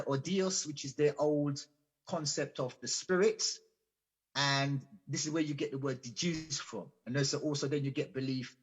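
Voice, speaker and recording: A man's voice: fairly high pitch, husky. A man giving an earnest, explanatory guest talk on a radio show, often repeating and restarting words. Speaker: invited guest speaker. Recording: dull lo-fi audio.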